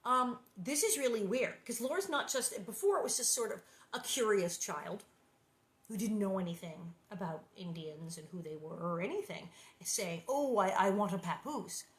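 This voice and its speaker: A woman in her sixties reads a children's book aloud, stopping now and then for wry, laughing asides as both reader and host. Her voice is medium-pitched with a lively lilt, and she moves at a normal speed. The room gives the recording a roomy echo.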